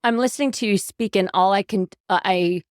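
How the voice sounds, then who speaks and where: A woman's voice: medium pitch, fairly quick, no echo, studio quality. A woman hosting a podcast interview, speaking reflectively with hesitant restarts. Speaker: podcast host.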